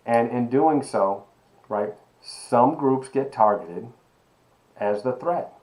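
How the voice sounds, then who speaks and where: A man teaching an online sociology lecture, animated and emphatic, asking rhetorical questions and calling his students baby. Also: medium pitch, slow pace, rough recording. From Miami. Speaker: sociology professor.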